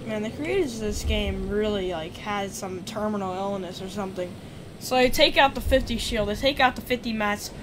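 A woman streaming a live game, ranting profanely in frustration and breaking into sudden shouts. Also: medium pitch, moderate pace. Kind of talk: live gameplay commentary. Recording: noisy background.

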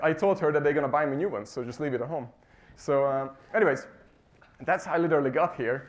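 A man giving a motivational conference talk on stage, telling stories with animated acted-out quotes and laughing at his own jokes. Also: mid-range voice. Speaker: conference speaker. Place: conference stage before a live audience.

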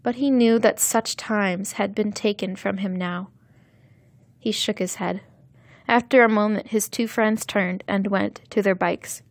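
A woman reads a novel aloud in a slow, carefully enunciated audiobook style meant for learners. Her voice sits at an ordinary middle pitch. The recording is dry and close, with no room echo. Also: fairly even intonation. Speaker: narrator reading a novel for English learners. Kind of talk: scripted audiobook narration.

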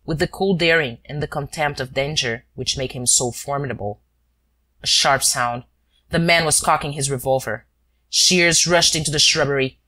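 A woman with a notably low, deep voice narrates an audiobook. Her delivery is measured and steady, carrying the story at an even, unhurried pace. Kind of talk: scripted narration.

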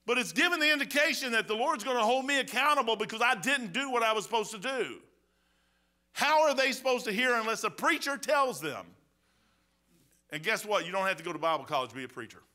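A pastor giving a folksy, animated sermon, peppered with "man" and changes in loudness. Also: very high-pitched, a little fast.

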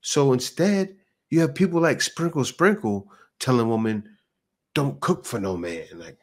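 A man's voice: mid-range voice, animated, measured pace. A man hosting a reaction video, commenting casually with rhetorical questions and laughter. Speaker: reaction channel host.

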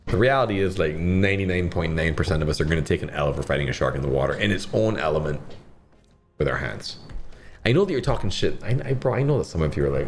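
A young man from Barbados streaming slots, rambling casually with lots of swearing and sudden shouted bursts. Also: extremely low pitch, expressive, fast talker, soft background music.

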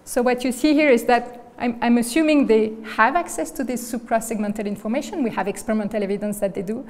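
A woman gives a lecture in a large hall, and long reverb trails behind each phrase. Her voice sits a little high. She builds the argument step by step and keeps checking with the room. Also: fast talker, a little mellow. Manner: explains step by step, often checks in with "okay?" and "right?". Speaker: guest lecturer. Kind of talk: academic lecture.

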